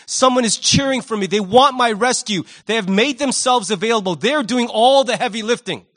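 High-voiced animated male preacher. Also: normal speed. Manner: animated storytelling with humor. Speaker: pastor. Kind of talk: sermon.

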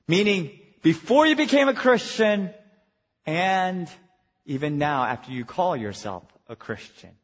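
Male pastor, lively high voice, slightly husky; preaches from hush to shout in an echoing hall. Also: unhurried. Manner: animated, swings from hushed to shouting. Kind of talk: retreat sermon. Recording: long hall reverb.

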